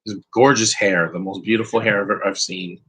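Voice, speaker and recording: A man's voice: on the low side, fairly even intonation, moderate pace, a bit bright, breathy edge, poor audio. A man giving a rambling, opinionated live commentary over a film, restarting his sentences often. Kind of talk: casual live movie commentary.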